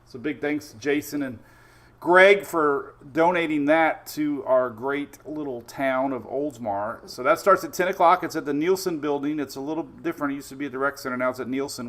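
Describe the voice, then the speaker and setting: A man's voice: medium pitch, normal speed, fairly bright tone. Chatty man hosting a weather stream. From Florida Gulf Coast. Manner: chatty, greets viewers by name, tells stories with quoted asides. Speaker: weather show host. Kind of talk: casual livestream chat.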